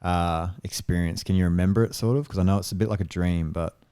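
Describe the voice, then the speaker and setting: A man's voice: low-pitched, steady tone, fast talker, clean tone. A man hosting a podcast, asking hesitant questions with fillers. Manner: prompts with gentle hesitant questions. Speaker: podcast host.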